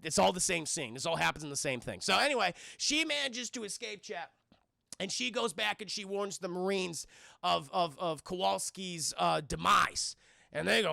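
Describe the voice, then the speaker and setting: A man's voice: high-pitched, moderate pace, creaky, bright, forceful tone, dry recording, clean studio sound. A man reviewing a film on a live stream, talking casually and profanely, rambling and often addressing his chat.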